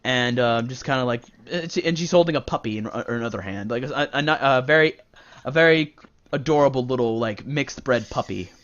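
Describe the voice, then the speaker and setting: A man's voice: medium pitch, a little fast, fairly bright tone. A man narrating a tabletop game as game master, rambling casually with many fillers. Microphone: voice chat. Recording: dull lo-fi voice chat.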